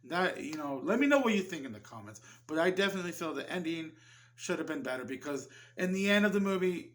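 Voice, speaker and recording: A man's voice: fairly high pitch, a bit bright. A man giving a casual film review, rambling loosely and swearing freely. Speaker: movie reviewer.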